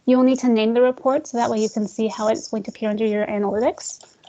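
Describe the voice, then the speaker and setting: A woman leading a screen-share software tutorial for real estate agents, talking casually, calling her listeners "guys" and joking about slow screens. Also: a little high, steady tone, highs cut off. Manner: chatty, addresses audience as guys, jokes about glitches.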